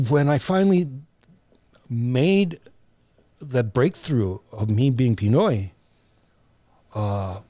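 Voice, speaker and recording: An older American man recalling his career in a podcast interview, pausing and restarting often. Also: medium pitch, dark tone, no echo. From United States. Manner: halting, many restarts and fillers. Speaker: guest, writer and actor. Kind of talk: reflective interview conversation.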